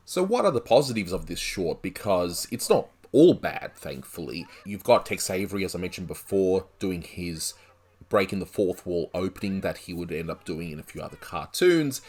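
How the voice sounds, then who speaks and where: A man's voice: deep voice, very animated, normal speed, a little mellow, husky. A man talking through a review of an old cartoon, in a conversational way with asides and hedges. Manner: conversational, thinking aloud with asides. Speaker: animation reviewer. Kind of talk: video review commentary.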